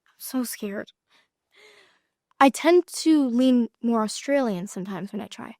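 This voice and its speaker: An actress chatting as an interview guest, giggling often and trailing off with lots of fillers. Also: female voice, on the high side, animated, unhurried, a little mellow, dry recording, clean studio sound. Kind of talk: casual interview chat.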